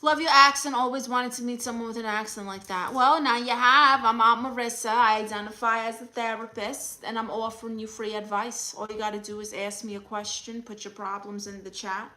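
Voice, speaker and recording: A woman hosting a comedy livestream as an advice-giving aunt, chatting casually with a sassy, teasing manner and reading comments out loud. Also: a little high, steady tone, fairly quick, hardly any pauses, rough recording. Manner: coos baby talk at her dog.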